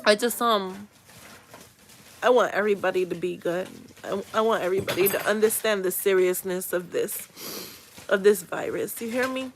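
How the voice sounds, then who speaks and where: A woman's voice: mid-range voice, moderate pace, noisy background. Emotional, earnest woman on a livestream. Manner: heartfelt, tearful, earnest encouragement; spiritual, pleading. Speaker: livestream host reading comments. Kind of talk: emotional live-stream talk.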